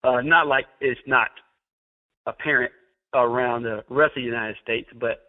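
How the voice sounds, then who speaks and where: Man, Southern accent, chatty and laughing, mid pitch, tinny phone-line sound. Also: fairly even intonation, moderate pace. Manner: chatty and laughing, many fillers. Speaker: podcast host. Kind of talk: casual chat.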